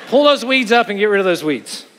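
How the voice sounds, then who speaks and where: Man, preacher, high-pitched, animated sermon, joking asides, long hall reverb. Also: a little fast, slight background noise.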